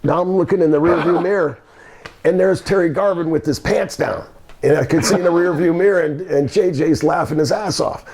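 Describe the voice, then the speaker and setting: A man's voice: fairly high pitch, brisk, a little mellow, breathy edge. A man in his sixties, a former wrestler, telling a long story in an interview, rambling with fillers and restarts. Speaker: guest, former pro wrestler.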